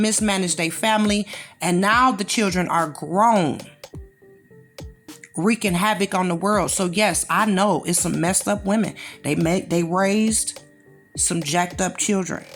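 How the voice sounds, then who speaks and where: A woman host preaches and scolds in a casual commentary monologue, drawling in with dismissive asides. Her voice sits at a middle pitch. Faint music plays behind her.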